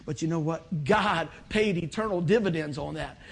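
A man's voice: high voice, fairly quick, few pauses, husky. A middle-aged man from West Virginia preaching a sermon through a long personal story, acting out the voices of the people in it. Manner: animated storytelling, acting out voices, bursts of loud whoops.

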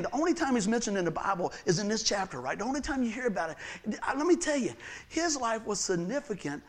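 Animated, high-pitched preacher man. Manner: animated, laughs often, acts out voices of people in his stories. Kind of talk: lively sermon with personal stories.

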